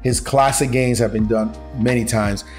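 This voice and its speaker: A chess grandmaster giving an animated chess lesson, excitable and slangy, with frequent exclamations. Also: male voice, mid-range voice, moderate pace, soft background music.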